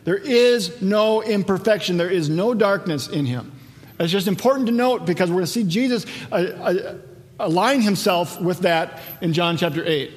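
A man preaching a sermon in a conversational way, slowing down when he quotes scripture. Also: high-pitched, long reverb tail. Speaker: pastor.

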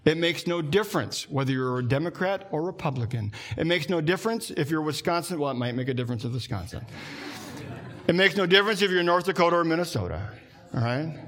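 A man preaching a sermon in a conversational way, slowing down and dropping his voice for emphasis. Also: fairly bright tone. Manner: conversational preaching, slows down and drops low for emphasis. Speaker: pastor.

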